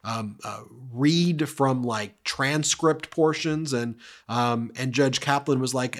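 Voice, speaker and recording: A man hosting legal commentary, recapping a trial in a casual, animated and mocking way. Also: mid-range voice, slow.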